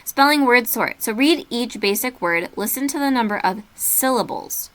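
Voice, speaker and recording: A woman's voice: a little high, lively intonation, normal speed, fairly bright tone. A woman teacher giving a remote reading lesson, patiently walking students through a worksheet and spelling words letter by letter.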